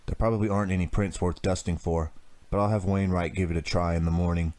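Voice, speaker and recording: A man reading a gruff, practical police-officer father who speaks with a drawl. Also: sits low, steady tone, fast talker, darkish tone, lightly acted. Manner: drawling, dry humor.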